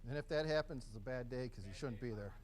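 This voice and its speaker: A man's voice: medium pitch, fast talker, darkish tone. A man teaching a hands-on first aid class in a casual, encouraging, conversational way in a training room.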